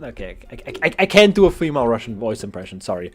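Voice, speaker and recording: A man's voice: mid-range voice, sing-song, fast talker, husky. A man streaming a game, rambling and stammering through jokey commentary at a desk mic. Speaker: gaming streamer. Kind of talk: casual gameplay commentary. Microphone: desk mic with face cam.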